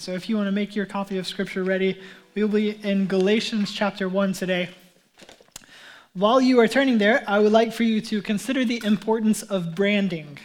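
A male pastor preaching a casual, conversational sermon. He talks in an easygoing, chatty way, with plenty of fillers and restarts, and warmly calls the congregation beloved. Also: high-pitched.

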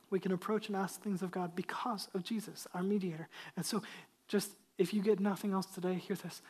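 A man's voice: high-pitched, steady tone, a little fast, a little mellow, slightly rough. A male pastor preaching a sermon, emphatic and full of rhetorical questions to the congregation.

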